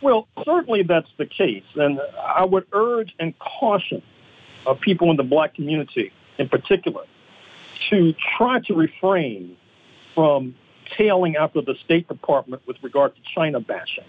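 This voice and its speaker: A man giving pointed, deliberate political commentary as a radio guest over the phone. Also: fairly high pitch, big pitch swings, breathy edge. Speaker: guest analyst. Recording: tinny phone line.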